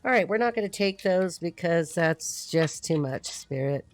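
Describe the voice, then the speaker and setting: A woman giving a casual, chatty tarot reading, laughing often and tossing in quick asides. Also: deep voice, no echo, soft background music. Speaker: tarot reader.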